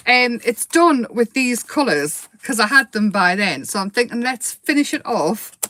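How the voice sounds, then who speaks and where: A woman hosting a casual live craft demo, chatty and quick to giggle as she paints. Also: fairly high pitch, very animated, bright, forceful tone, a little hiss or hum.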